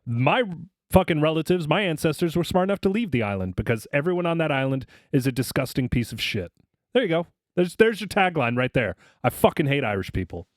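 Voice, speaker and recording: A man's voice: fairly high pitch, very animated, brisk, no echo. Man, podcast co-host, profane mock-angry rant, dry close recording. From Boston area, US. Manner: crude, exaggerated mock-angry ranting.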